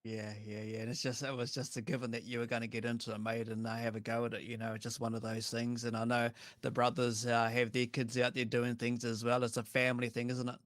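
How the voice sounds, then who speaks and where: Matey New host, dry sound. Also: male voice, mid-range voice, flat delivery, quick pace, hardly any pauses, no echo. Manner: matey and upbeat, says "mate" and "bro". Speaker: podcast host. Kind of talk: casual interview chat.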